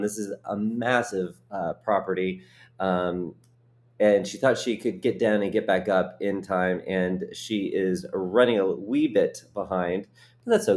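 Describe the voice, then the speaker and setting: Middle-aged male host, lowish voice, loose self-joking chat from a hotel room. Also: darkish tone. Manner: chatty, rambling, self-joking. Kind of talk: casual livestream chat. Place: hotel suite.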